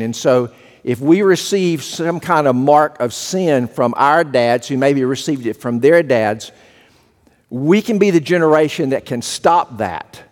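Folksy male pastor in an echoing church. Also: medium pitch. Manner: folksy storytelling, repeats words as he goes. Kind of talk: sermon.

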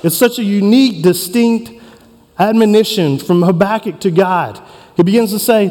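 A man with a notably high voice delivers a sermon as a pastor, earnest and emphatic, leaning on dramatic pauses. His words ring out with a long reverb, as in a large church sanctuary. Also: mellow.

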